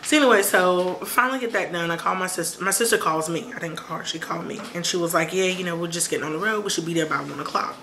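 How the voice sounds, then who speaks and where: A woman telling a personal story on her vlog, lively, acting out quoted voices. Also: fairly low pitch, quick pace, few pauses, crowd noise. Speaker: vlogger.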